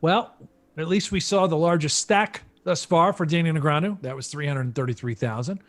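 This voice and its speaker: A man's voice: on the high side, moderate pace, a bit bright. A man commentating a live poker stream, chatty and joking, thinking aloud between hands.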